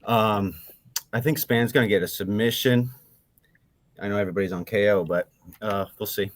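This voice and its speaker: A man's voice: fairly low pitch, steady tone, moderate pace, no echo. A man calling in to a show, talking brashly with plenty of swearing, a bit out of breath. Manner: brash, profane, a bit winded. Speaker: caller. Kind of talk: casual chat.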